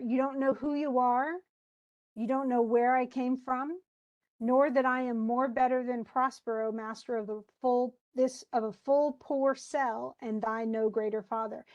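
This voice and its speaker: A woman's voice: on the high side, steady tone, moderate pace, a little mellow, muffled recording. A woman teacher giving an informal, chatty lesson. She digresses and paraphrases old text into plain everyday words. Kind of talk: informal lesson explaining a play.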